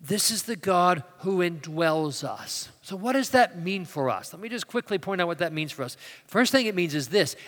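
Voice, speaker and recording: Male preacher, sermon, fairly high voice, swings from loud emphasis to quiet storytelling, long hall reverb. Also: expressive, normal speed, hardly any pauses.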